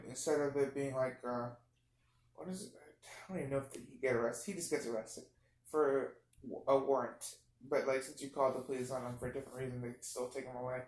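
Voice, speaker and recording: A young man improvising a rambling, absurd story, full of fillers and restarts. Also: medium pitch. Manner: meandering, filler-heavy, deadpan absurd. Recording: echoey room.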